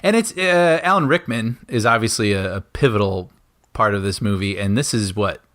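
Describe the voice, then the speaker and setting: A man co-hosting a casual movie commentary podcast, animated and quick to laugh, often trailing off mid-sentence. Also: fairly low pitch, dry recording, clean studio sound. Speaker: podcast co-host.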